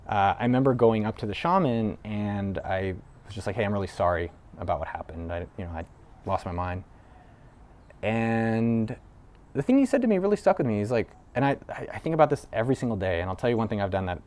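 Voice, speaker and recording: Host, male, slightly low voice, telling a raw personal story in a casual, rambling way. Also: darkish tone. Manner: loose and conversational, with frequent "like" fillers and casual swearing. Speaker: entrepreneur video host. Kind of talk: candid personal storytelling to camera.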